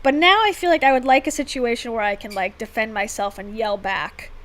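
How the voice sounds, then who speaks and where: A woman's voice: fairly high pitch, fairly quick, fairly bright tone, low-quality recording. A woman from Florida, co-hosting a livestream in casual, self-deprecating chat and laughing often. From Florida, United States. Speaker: livestream co-host.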